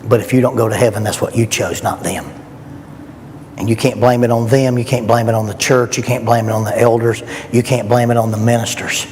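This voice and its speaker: A man's voice: medium pitch, steady tone, fairly quick, darkish tone. A middle-aged man preaching a sermon at a youth rally, earnest and emphatic, asking rhetorical questions. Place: church. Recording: long reverb in a church hall, faint background noise.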